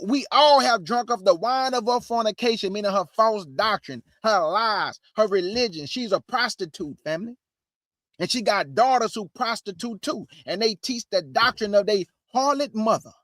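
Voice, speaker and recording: High-voiced preaching man, dry sound. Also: fairly bright tone, no echo. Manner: preachy, calls audience family, answers imagined questions. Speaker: online preacher, show host. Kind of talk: street-style sermon on prophecy.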